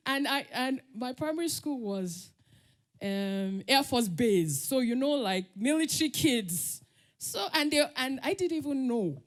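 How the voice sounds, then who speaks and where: Brief: middle-aged Nigerian woman, conference speaker, animated storyteller, higher voice, swooping and expressive. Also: unhurried. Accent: Nigerian English. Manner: lively, laughs often, acts out quotes.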